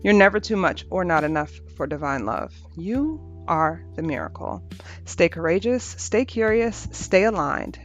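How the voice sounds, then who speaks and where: A woman hosting a podcast, talking through a reflective spiritual monologue in a gentle, unhurried way, repeating phrases for rhythm. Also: lowish voice, animated. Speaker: podcast host. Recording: dull lo-fi audio with faint music.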